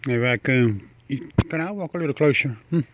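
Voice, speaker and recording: A man's voice: mid-range voice, lively intonation, a little fast, background noise. A man, talking casually and coaxingly to an animal outdoors at night, chuckling and repeating himself. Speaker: backyard wildlife videographer.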